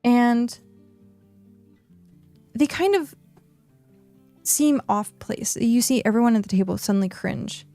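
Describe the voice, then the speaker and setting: A young woman running a tabletop game on stream, narrating scenes with lively asides. Her voice sits fairly high for a woman. The sound is dry and close, with no room sound. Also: slow pace, long pauses, no echo, faint music behind.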